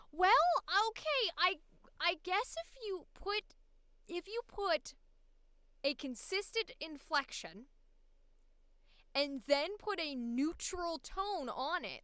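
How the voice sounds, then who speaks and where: A woman voice actor talking loosely to her stream, laughing easily and cursing without a second thought. Her voice sits a little high and sounds crisp and bright. She takes her time between thoughts. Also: dry recording. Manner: chatty, laughing, swearing freely. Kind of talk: casual livestream chat.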